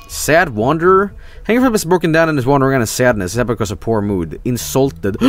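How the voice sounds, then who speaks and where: A young man streaming a video game, swearing and reacting loudly to what happens on screen. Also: medium pitch, moderate pace, soft background music. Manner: excitable, swears a lot, yells at the game. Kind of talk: live game commentary.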